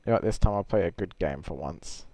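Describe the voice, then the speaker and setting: A man's voice: sits low, no room sound. A man hosting a casual Q&A stream, chatting with a friend and laughing easily. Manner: laughs easily, quick and animated. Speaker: host. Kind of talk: casual chat during a livestream Q&A.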